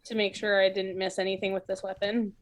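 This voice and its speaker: A woman's voice: mid-range voice, level tone, a little fast. A woman playing in a tabletop game, casual and candid as she explains her rolls. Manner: apologetic, candid about rolls. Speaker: player.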